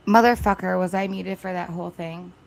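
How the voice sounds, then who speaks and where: A woman's voice: on the low side, fairly even intonation, a little fast, gravelly, darkish tone. A woman live streamer chatting casually, rambling, swearing freely and restarting sentences, a little emotional.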